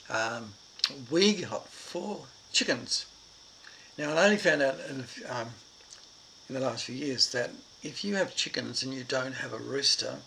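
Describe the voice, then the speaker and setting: A man's voice: mid-range voice, creaky, bright, forceful tone, a little hiss or hum, poor audio. An older man with an Irish Australian accent telling a childhood story in a rambling, reflective way. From Ireland and Australia. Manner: rambling and reflective, with many fillers.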